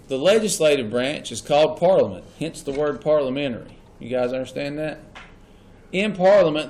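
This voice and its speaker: A man's voice: fairly high pitch, darkish tone. A man teaching a class, often checking whether his students follow. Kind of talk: classroom lecture.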